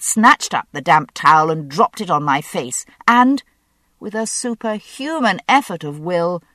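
A woman reads a first-person novel aloud with wry, expressive phrasing. Her voice is low, and the recording is dry and close. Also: no room sound. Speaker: audiobook narrator.

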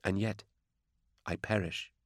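Man doing a soft-spoken serene woman saint, hushed, solemn, sorrowful, audiobook character, dry close sound. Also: fairly low pitch, steady tone, slow, no room sound.

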